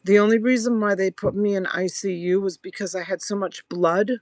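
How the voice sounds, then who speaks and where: On a live stream, a middle-aged woman sells jewelry, chatting casually and telling a personal story between pieces. Her voice is brisk, darkish, and fairly even, free of echo, though it climbs high whenever she quotes someone.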